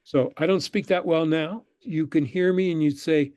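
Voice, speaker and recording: Older man with a mellow, dry voice. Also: on the high side, normal speed, no echo, lo-fi sound. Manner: relaxed anecdotal storytelling, acting out the people he quotes. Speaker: guest, screenwriter and professor. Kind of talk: conversational interview storytelling.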